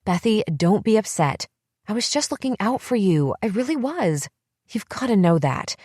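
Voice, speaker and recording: A woman's voice: mid-range voice, expressive, unhurried, dry recording, clean studio sound. A woman reading the part of a desperate young woman who begs and pleads with her sister in an audiobook. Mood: pleading. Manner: pleading, wheedling, rising to yelling.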